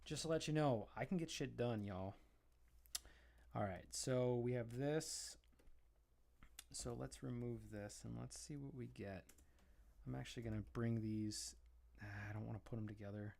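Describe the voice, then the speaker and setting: A man's voice: mid-range voice, normal speed, vocal fry, long pauses, darkish tone. A man live-streaming his drawing, rambling casually and chatting fondly to his cat between remarks about the work.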